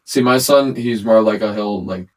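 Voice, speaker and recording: A man with a somewhat low voice chats casually and keeps asking curious follow-up questions. He talks loosely, with fillers and restarts. It is an unscripted podcast conversation. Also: normal speed, a little mellow, rough recording. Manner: curious, asks probing questions. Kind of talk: casual chat.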